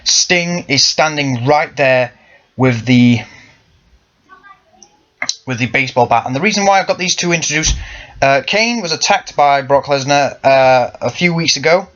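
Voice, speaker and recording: Speaking at a measured pace, a young man with a medium-pitched, slightly bright voice offers casual wrestling commentary. He rambles and keeps correcting himself in this vlog, captured with a muffled, lo-fi sound.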